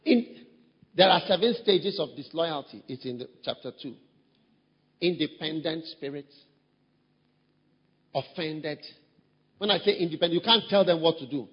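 High husky preaching man. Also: moderate pace, pauses often, long reverb tail, lo-fi sound. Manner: acts out quoted voices, shouting high mimicry. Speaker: pastor. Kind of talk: sermon.

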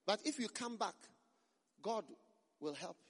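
A male pastor with a high, husky voice delivers an emphatic sermon, hammering lines home by repeating them. His voice rings out with a long reverb, as if in a large church hall. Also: lively intonation, unhurried, fairly bright tone. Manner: emphatic, repeats phrases for force.

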